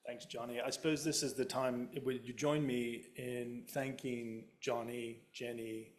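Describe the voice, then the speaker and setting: A man's voice: medium pitch, little pitch movement, unhurried. Joking, frank male panel moderator. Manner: frank and joking, with casual swearing. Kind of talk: casual panel hosting.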